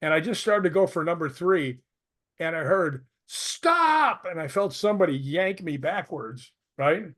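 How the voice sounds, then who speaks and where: An older man, a retired stuntman, telling stories as a guest in a casual interview, laughing and acting out what people said. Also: on the high side. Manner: animated storyteller who laughs and acts out quotes.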